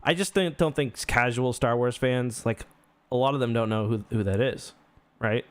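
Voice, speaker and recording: A man's voice: mid-range voice, normal speed, clear, resonant tone. A man co-hosting a casual podcast, joking around, swearing casually and slipping into silly voices. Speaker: podcast co-host.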